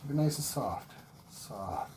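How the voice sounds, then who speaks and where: A man's voice: fairly high pitch, expressive, a little slow, warm tone. A man teaching oil painting as he works, talking the viewer through each stroke in an encouraging, repetitive way, sometimes moving away from the mic. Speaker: painting instructor. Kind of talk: relaxed painting tutorial. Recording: faint background noise.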